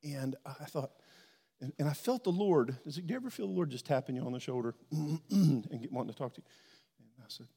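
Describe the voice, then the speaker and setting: A man's voice: a little high, expressive, brisk, a little mellow, long reverb tail. A man preaching a sermon as a pastor, telling a personal story and acting out his conversations with God.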